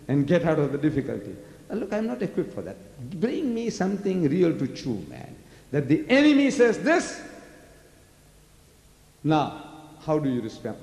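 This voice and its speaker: A man's voice: high voice, warm tone. Older man lecturing in an echoey hall. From South Africa. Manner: emphatic, rhetorical questions. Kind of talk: lecture with audience Q&A.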